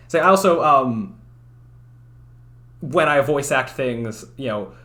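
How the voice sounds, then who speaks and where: Quiet, rambling male streamer. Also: medium pitch, lively intonation, slow, long pauses. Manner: rambling, self-deprecating, many fillers; talks quietly at night. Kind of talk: casual livestream chat.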